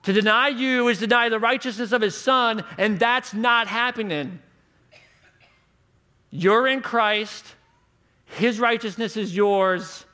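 This man in his thirties preaches slowly in a high voice, giving a conference sermon built around rhetorical questions. His delivery alternates between quiet, hushed moments and emphatic ones.

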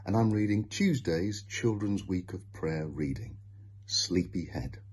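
A man slowly and expressively reading a children's devotional story and Bible verses aloud. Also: low-pitched, darkish tone, husky.

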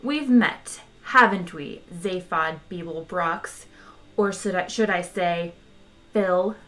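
A woman's voice: on the low side, slow, a bit bright. A woman reading aloud, voicing an ordinary English man who speaks sharply, coldly and insistently. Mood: indignant.

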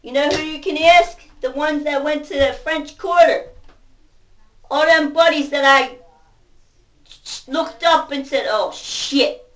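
A woman venting to camera in a profane rant, going from shouting to muttering. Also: high-pitched, takes it slowly, long pauses. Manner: profane, ranting, swings between shouting and muttering. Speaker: vlogger. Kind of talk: angry venting monologue. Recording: voice distant from the mic.

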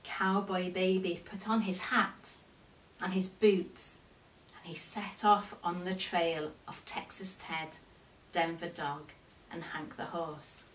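A woman reading a children's bedtime story aloud in a slow, expressive way. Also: lowish voice, far from the mic. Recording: echoey room.

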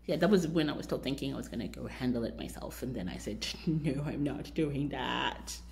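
Shaken woman, lively swooping voice. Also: fast talker, vocal fry, a little hiss or hum. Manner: shaken, animated, jumps up high when quoting people. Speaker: life coach telling a personal story. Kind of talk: casual storytelling vlog.

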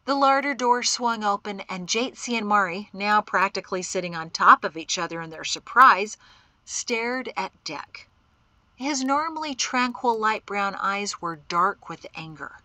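A woman's voice: medium pitch, animated, moderate pace, sharp tone, dry recording. A woman narrating an audiobook expressively, voicing each character. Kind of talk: scripted narration.

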